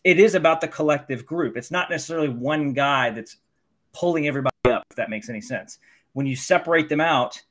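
Male co-host, slightly high voice, casual analytical sports talk. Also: a bit bright. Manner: analytical, stat-focused breakdown. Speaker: podcast co-host.

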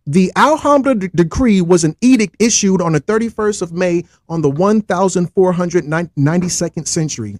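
A man hosting a livestream talks history to his chat in a high, lively voice that leaps all over the place. He repeats points call-and-response style and jokes between restarts. The sound is close and dry, with no room around it. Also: no echo. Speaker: livestream host. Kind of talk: casual livestream history lecture.

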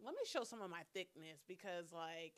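A woman's voice: fairly low pitch, expressive, normal speed. A woman hosting her own podcast alone, talking bluntly with plenty of swearing as she vents. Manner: blunt, profane, venting. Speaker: podcast host. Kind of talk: solo podcast chat. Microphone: camera mic.

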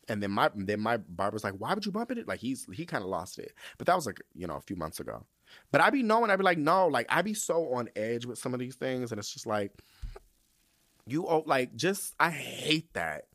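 A young man telling a story to his podcast audience in a casual, profane and animated rant. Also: medium pitch, normal speed, dry recording, clean studio sound. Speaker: podcast host.

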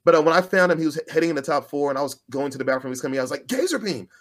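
Fast-talking man telling stories. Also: a little high. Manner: animated storyteller who acts out quoted voices. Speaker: podcast co-host. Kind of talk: casual chat.

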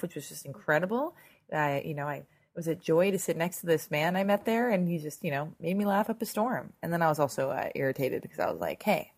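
A hoarse woman hosting her podcast, chatty and animated, swearing freely in a casual intro monologue. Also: low-pitched. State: hoarse, lost voice. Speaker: podcast host. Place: Los Angeles.

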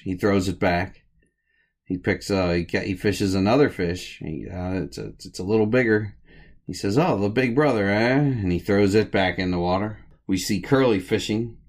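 A man casually recapping the plot of an old comedy short, chatty and relaxed, with many "uh" pauses. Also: fairly low pitch. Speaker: host of a film recap series.

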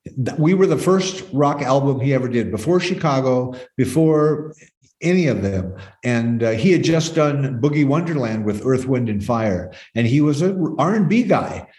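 An older man, a musician guest, telling rambling anecdotes in a relaxed interview and quoting others as he goes. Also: medium pitch, normal speed, echoey room.

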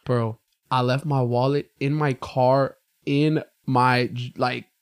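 This young American man, co-hosting a podcast, speaks slowly in a smooth, mid-range voice. His casual storytelling is lively and full of swearing, and he gets loud when quoting his own words; the recording is dry and studio-clean.

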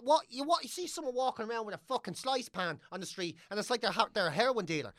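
A woman's voice: fairly high pitch, animated, fast talker, no room sound, studio quality. A woman with an Irish accent ranting comically on a podcast, heavy on swearing and mocking put-on voices. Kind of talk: comic rant.

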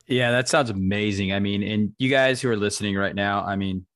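A man's voice: on the low side, fairly even intonation, a little fast, a bit bright. A man hosting a podcast, talking earnestly to his listeners and urging them on, with a few stumbling restarts. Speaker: podcast host. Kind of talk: reflective podcast talk to listeners.

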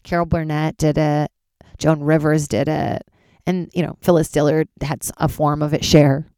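A woman stand-up comedian hosting her own podcast, rambling and swearing in casual chat, jumping into sudden high excited voices. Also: normal speed, no echo, studio quality.

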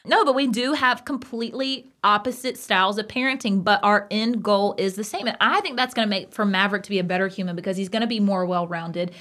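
A woman, co-hosting a casual podcast chat and talking in an emphatic, passionate, animated way. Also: mid-range voice, fast talker, hardly any pauses. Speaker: podcast co-host.

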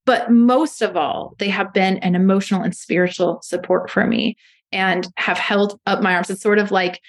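A woman's voice: mid-range voice, fairly even intonation, normal speed. A woman in her thirties, a mother, speaking as a podcast guest and telling personal stories in an earnest, reflective way. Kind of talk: conversational interview.

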